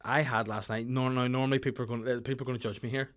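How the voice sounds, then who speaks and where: Brief: Northern Irish male comic host, young adult, sweary solo podcast rants, mid pitch. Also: racing. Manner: swearing, animated rants that swing loud and high. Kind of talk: casual solo podcast chat.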